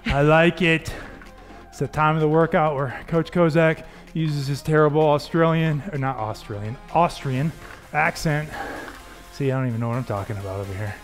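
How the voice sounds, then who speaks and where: Faint music runs behind a male fitness coach leading a workout. His voice is fairly high and his pace moderate as he encouragingly counts reps and cues form with an upbeat energy.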